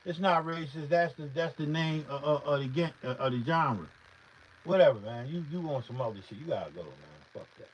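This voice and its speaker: A man's voice: fairly high pitch, lively intonation, fairly quick, dull audio, a little hiss or hum. Heated, profane man ranting to his chat. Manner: profane, heated, repetitive, swinging loud and quiet. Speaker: beat producer streaming live. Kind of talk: casual livestream rant to chat.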